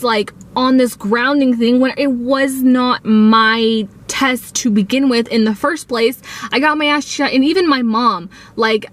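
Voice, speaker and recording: Chatty young woman, higher voice. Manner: chatty, acts out quoted dialogue, many fillers. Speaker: vlogger. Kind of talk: casual storytime.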